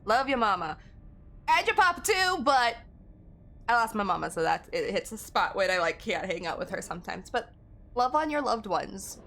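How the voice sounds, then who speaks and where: A woman's voice: mid-range voice, pushed and bright. A woman game streamer in casual live-stream chat, rambling and giggling as she talks to her viewers.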